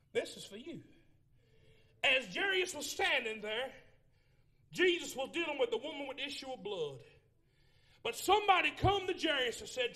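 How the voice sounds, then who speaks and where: A man preaching a Pentecostal sermon in a church, swinging from shouted lines to low murmurs as he tells the story. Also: sing-song, moderate pace. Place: church sanctuary.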